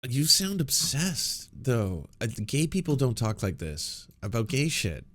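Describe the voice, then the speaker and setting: A man's voice: mid-range voice, very animated, unhurried, fairly bright tone, dry recording. A man hosting reaction commentary, mocking and sarcastic, laughing often. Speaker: commentary host.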